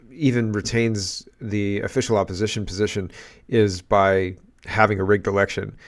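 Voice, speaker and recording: A man's voice: on the low side, vocal fry. A man hosting a casual political commentary show, exclaiming and rambling in disbelief.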